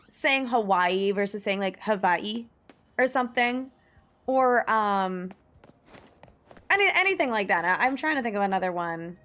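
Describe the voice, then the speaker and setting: A woman's voice: medium pitch, a bit bright. A young American woman streaming a game, chatting in a rambling, enthusiastic way full of "like" fillers and the odd swear word. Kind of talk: casual chat while gaming. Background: faint game music.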